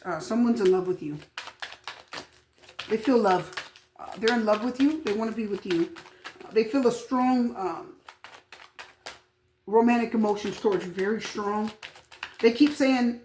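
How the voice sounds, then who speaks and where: A woman reading tarot cards in a chatty, easygoing way, circling back over her points. Her voice sits a little high, and the room around her sounds echoey, with a faint hiss behind it. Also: darkish tone. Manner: chatty, repeats phrases, frequent fillers. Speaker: tarot reader.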